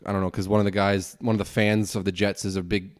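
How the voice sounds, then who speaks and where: A man's voice: lowish voice, flat delivery, fast talker. A young man hosting his own podcast alone, ranting angrily with plenty of swearing and rambling asides. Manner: angry, profane, rambling rant. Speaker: podcast host.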